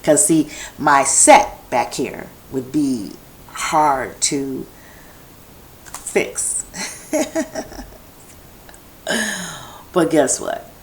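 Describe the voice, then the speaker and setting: A woman's voice: extremely low pitch, lively intonation, slow, a little hiss or hum, rough recording. A woman vlogger talking in a meandering personal monologue from her home set, restarting her thoughts and drifting into chatty asides.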